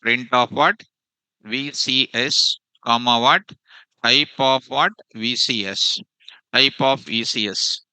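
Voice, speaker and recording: A man's voice: medium pitch, slow, sharp tone, smooth, no echo, rough recording. A man teaching a live programming class, repeating phrases and quizzing his students with "what?" prompts.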